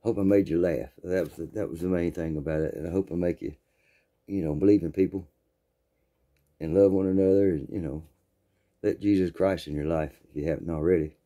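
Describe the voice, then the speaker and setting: Older southern guy rambling through a story, deep-ish dark mellow voice, repeats himself a lot. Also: steady tone, brisk. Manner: folksy, rambling, repeats his words. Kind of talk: casual spoken storytelling.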